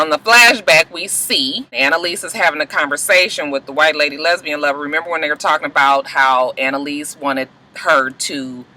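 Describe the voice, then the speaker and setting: A woman's voice: lowish voice, bright, forceful tone, low-quality recording. A woman, animatedly recapping a TV episode and acting out the characters' lines. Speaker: TV recap vlogger.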